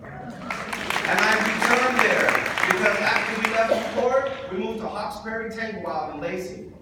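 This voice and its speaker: A man with a fairly high voice speaks to a crowd in a big echoing hall, heard from some distance from the mic. He jokes and calls out to the audience like a preacher, and there is steady noise in the background. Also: a little slow. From Pacific Islander. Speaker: speaker at community event. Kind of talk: public speech to an audience. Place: large indoor hall with audience.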